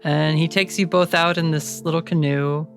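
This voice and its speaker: Gravelly-voiced game master narrating. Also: mid-range voice, steady tone, moderate pace, faint music behind. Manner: casual narration with many "like" fillers.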